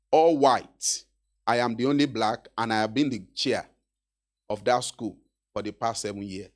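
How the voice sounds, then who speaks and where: A middle-aged man from Nigeria with a Yoruba accent, giving an encouraging speech with stories and asides to the audience. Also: mid-range voice. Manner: exhortative, anecdotal, with asides to the audience. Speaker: graduation speaker.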